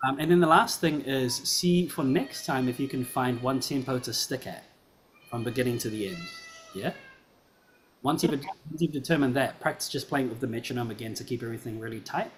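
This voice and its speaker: Speaking fairly quickly in an even, medium-pitched voice, a male piano teacher gives a student patient feedback on a performance. He stays friendly and encouraging, often confirming understanding with "right?" and "yeah?", while a little hiss or hum sits in the recording.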